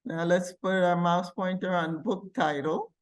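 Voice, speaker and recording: Patient woman instructor, slow and deliberate, narrating software steps aloud in class. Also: fairly low pitch, fairly even intonation. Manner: patient, thinks aloud while clicking. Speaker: computer class teacher. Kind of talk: live classroom software demonstration.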